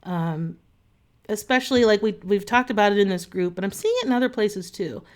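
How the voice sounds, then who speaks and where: Woman coach just chatting to her group, earnest, lots of ums and restarts, middle-pitched voice. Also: a little fast. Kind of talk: casual talk to camera.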